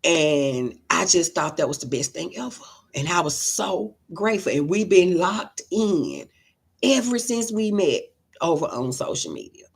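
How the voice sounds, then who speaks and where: A middle-aged woman chats on a livestream with a rough, gravelly edge to her voice. Her tone is breathy and husky as she tells emotional, heartfelt stories and answers viewer comments. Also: fairly low pitch, very animated, unhurried. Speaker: livestream host. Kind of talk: casual livestream chat, reading viewer comments.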